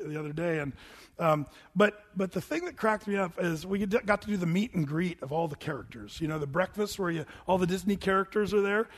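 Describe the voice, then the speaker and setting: Casting: middle-aged male preacher, high-pitched, lively, conversational with frequent restarts. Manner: animated, chatty, many restarts. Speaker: pastor. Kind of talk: sermon with storytelling.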